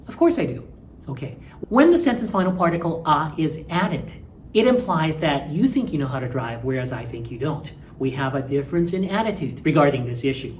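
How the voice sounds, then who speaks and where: A woman with a low voice delivers a recorded linguistics lecture. She explains patiently and acts out short example phrases as she goes. A faint hum of background noise sits under her voice. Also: very animated, brisk, darkish tone.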